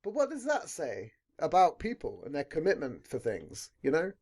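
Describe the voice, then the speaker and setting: Lively, foul-mouthed podcast host. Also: male voice, a little high, normal speed, husky. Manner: swears constantly, rambling and blunt. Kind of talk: casual podcast chat.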